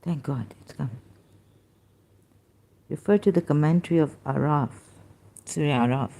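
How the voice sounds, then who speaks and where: A woman hosting her own channel, reading passages aloud in halting, self-correcting casual commentary. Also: low-pitched, vocal fry, warm tone. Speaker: solo channel host.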